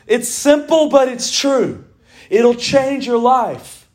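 A man, preaching an animated sermon in church as the pastor, telling stories and reading scripture. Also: extremely high pitch, slow pace. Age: 40s. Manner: animated storytelling preaching, mimics owl calls.

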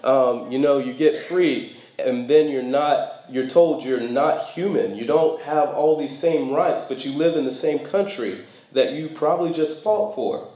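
A man's voice: medium pitch, unhurried, dark tone, roomy sound, poor audio. A man from the United States giving a sermon in a loose, conversational way, with many fillers and storytelling asides. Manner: conversational, frequent fillers, laughs while telling stories. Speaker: preacher. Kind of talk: sermon talk.

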